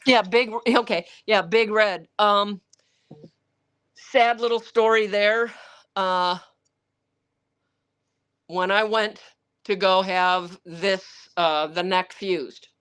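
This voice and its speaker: Speaking slowly with frequent pauses, a woman author answers viewer questions on a livestream in a medium-pitched, steady voice with a fairly bright, clean tone. Her rambling, candid anecdotes are blunt and salty, peppered with occasional swearing, and she acts out what other people said in quoted voices.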